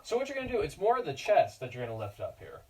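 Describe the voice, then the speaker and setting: This man's slightly high, warm voice swoops wildly in pitch as he races along, recorded roughly from a distance. He's teaching children yoga, cueing them in a playful, encouraging way and chatting with his dog between poses.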